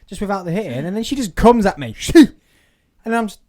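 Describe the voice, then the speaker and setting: A man's voice: high voice, expressive, a little fast, mellow. A young man hosting a casual podcast, jokey and teasing, breaking into mock accents as he banters with his guests. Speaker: podcast host.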